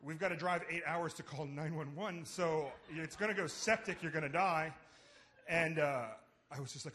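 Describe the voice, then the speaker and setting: Guy doing stand-up storytelling on stage, bright tense voice, kinda high. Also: moderate pace. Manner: animated, swings into acted quotes. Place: theater stage before an audience.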